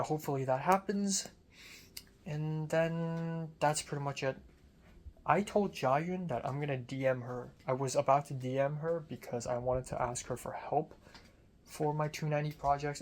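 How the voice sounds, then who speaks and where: A young film student rambles through a casual video diary. The talk is self-deprecating and loose, with casual swearing mixed in. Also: mid-range voice. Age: young adult.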